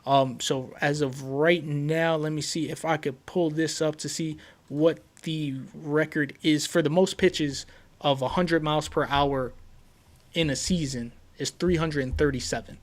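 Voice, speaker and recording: A Puerto Rican man hosts a casual sports podcast, his voice sitting on the higher side for a man. He talks excitedly, stumbles and repeats words, and leans on fillers as he goes. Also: measured pace. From Puerto Rico. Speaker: podcast host.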